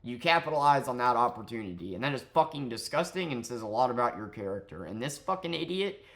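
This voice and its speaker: A man's voice: mid-range voice, lively intonation, fast, creaky, fairly bright tone. Profane, sarcastic young man ranting. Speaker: streamer and vlogger. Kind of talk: ranting commentary vlog.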